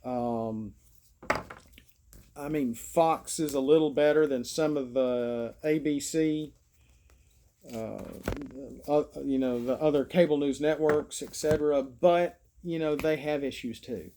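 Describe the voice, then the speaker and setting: A man's voice: a little high, takes it slowly, dark tone, a little hiss or hum. A man with an Alabama Southern accent, rambling through a folksy, meandering vlog monologue. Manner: meandering, folksy, self-deprecating. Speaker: vlogger.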